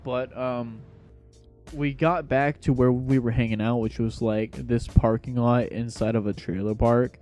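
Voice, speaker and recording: A man's voice: medium pitch, fairly even intonation, measured pace, a little mellow, soft background music. A young man casually telling a storytime tale in a slangy, rambling, laid-back way.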